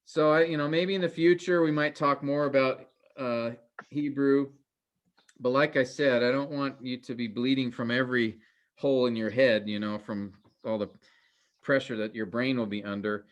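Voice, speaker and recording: A man teaching an informal class in a relaxed, conversational way, with many fillers and restarts and an earnest, cautionary tone. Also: medium pitch, normal speed.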